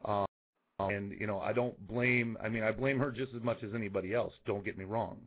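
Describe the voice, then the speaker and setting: A man's voice: on the low side, steady tone, a little fast. A man calling in to a radio show, hesitant and stammering as he makes his case. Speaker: radio caller. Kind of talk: call-in conversation. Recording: tinny phone line.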